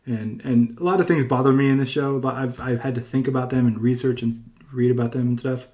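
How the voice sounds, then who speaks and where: A man from California hosts a casual podcast conversation at an ordinary middle pitch. He rambles in an animated way, full of fillers and restarts, and jumps up high when he acts out other people. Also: brisk. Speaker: podcast host.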